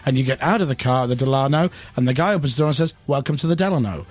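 A man's voice: medium pitch, rapid-fire. A man hosting a casual chat, playful and telling stories with put-on voices. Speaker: host.

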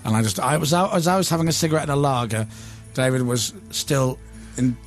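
A man's voice: mid-range voice, soft background music. A man hosting a radio show, bantering with his guests in a dry, joking way in the studio. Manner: joking, wry, quick banter. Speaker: radio host. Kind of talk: chatty radio interview.

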